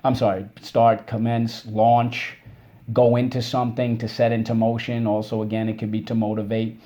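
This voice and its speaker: A man leads a recorded spelling lesson for kids, upbeat and encouraging, slowly stretching syllables as he drills words. His pitch is medium, his delivery monotone and his tone mellow.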